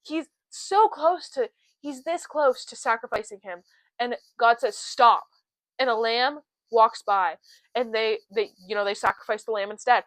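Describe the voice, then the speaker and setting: A young woman co-hosting a casual faith podcast, chatty and earnest, retelling Bible stories with lively quoted voices. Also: fairly high pitch, moderate pace, no room sound, rough recording. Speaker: podcast co-host.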